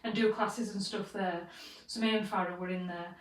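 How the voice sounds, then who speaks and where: A woman's voice: medium pitch, moderate pace, few pauses, distant mic. Woman telling a story on a podcast, swears a lot, roomy sound, a bit off mic. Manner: animated, swears freely, acts out quoted voices. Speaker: podcast co-host. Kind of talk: casual storytelling chat.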